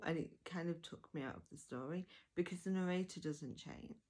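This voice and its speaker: A woman giving a casual, chatty audiobook review, enthusiastic and full of fillers and self-corrections. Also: low-pitched.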